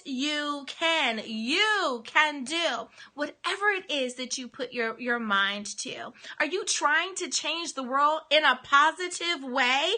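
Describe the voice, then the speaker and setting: Woman, middle-aged, high-pitched, bright tone, emphatic preacherly motivational talk. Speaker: motivational speaker and minister. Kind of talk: live-streamed motivational talk.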